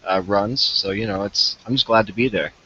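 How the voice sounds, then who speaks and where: A man's voice: fairly low pitch, steady tone, a little fast, sharp tone, a little hiss or hum. A young man as a podcast guest, chatting casually and a little hesitantly, with fillers and a self-deprecating manner. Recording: dull lo-fi remote call audio.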